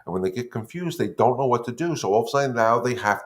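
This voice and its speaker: A man's voice: mid-range voice, expressive, quick pace. A middle-aged man, a dog trainer, talking casually on a live stream, greeting viewers by name as he explains things. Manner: chatty, loose, greets viewers by name mid-thought.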